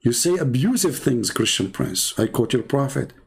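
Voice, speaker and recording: A man's voice: medium pitch, expressive, normal speed, vocal fry, breathy edge. A man hosting a live online debate, combative and mocking in his delivery. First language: Arabic. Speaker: debate show host.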